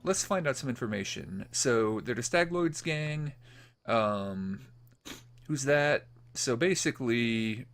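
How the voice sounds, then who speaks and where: Guy doing casual let's play commentary, mid pitch, rambly with lots of ums, faint music behind. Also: lively intonation, takes it slowly, a bit bright. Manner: casual, rambling with fillers and restarts. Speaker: gaming channel host.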